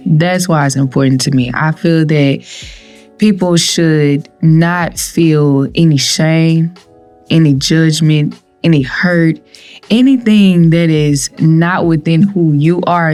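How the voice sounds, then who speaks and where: A young woman with a lowish voice tells her own story as a podcast guest, acting out what she and others said with lively energy. Soft music sits faintly underneath. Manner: animated, acts out her own quotes and others' voices, laughs often. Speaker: guest, cannabis entrepreneur with a pharmacy doctorate. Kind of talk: personal storytelling in a podcast interview.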